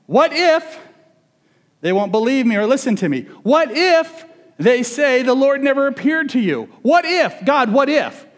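A man's voice: very high voice, very animated, unhurried, in a large hall, pitched above the performer's own voice, exaggerated voice. A man voicing Moses as an anxious adult man who keeps pleading with worried questions in a sermon retelling.

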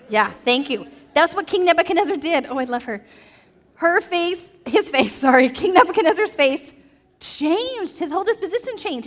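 Lively woman leading a children's Bible talk, with a bright, playful delivery in a long-echo church hall. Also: high-pitched, normal speed. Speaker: children's message teacher. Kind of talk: animated Bible story for children.

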